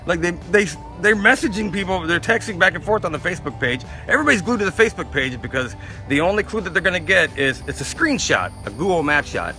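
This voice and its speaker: A man from Florida talks at a quick clip with a bright, forceful voice, and he acts out the lines other people said as he tells his stories. Faint music plays under him. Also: high voice, expressive. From Florida, USA. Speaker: artist. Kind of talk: interview storytelling.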